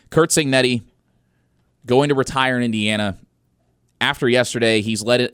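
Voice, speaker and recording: A young man hosting a college sports radio show, giving energetic, opinionated commentary with emphatic stresses. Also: lowish voice, no room sound, studio quality.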